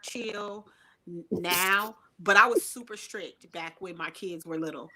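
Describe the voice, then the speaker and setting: Bright-voiced woman co-hosting a chat. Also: fairly low pitch, unhurried. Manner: emphatic, reasoning through points. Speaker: co-host. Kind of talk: casual story chat.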